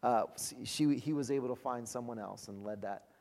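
Gravelly man telling ministry stories. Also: medium pitch, a little mellow, big-room sound. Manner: conversational storytelling, halting restarts, laughs often. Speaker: ministry leader. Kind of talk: ministry testimony talk.

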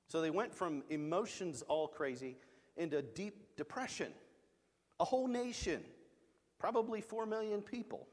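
A middle-aged male pastor delivering an emphatic, storytelling sermon. His pitch sits on the high side and rises and falls widely. A long reverb from a large hall hangs on his words. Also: expressive, moderate pace, a little mellow.

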